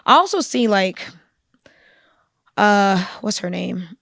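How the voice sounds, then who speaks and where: A woman co-hosting a book podcast, talking in an animated, conversational way with frequent asides. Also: mid-range voice, slow pace, creaky, no echo, clean studio sound. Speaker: podcast co-host. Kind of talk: casual book discussion.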